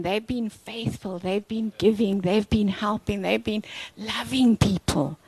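A woman pastor preaching a sermon, telling stories in an animated, playful way with asides. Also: mid-range voice, measured pace, few pauses, husky, rough recording.

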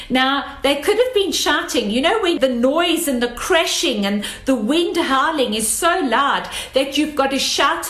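A woman's voice: high voice, a bit bright. Emphatic woman preaching in an echoey room. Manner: emphatic, repeats phrases for effect. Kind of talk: sermon.

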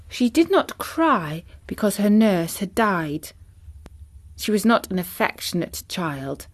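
Brief: woman reading a storybook aloud, unhurried, middle-pitched, gentle.

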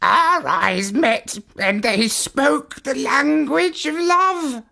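A woman doing a raspy, lovesick male parrot. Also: expressive, extremely slow, bright, forceful tone, full character voice. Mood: lovelorn, anguished. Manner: high, strained, pleading.

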